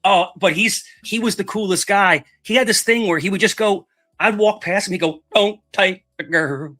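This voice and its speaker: A man telling a long rambling story in casual chat, animated and swearing, repeating his words. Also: high-pitched, normal speed, soft background music.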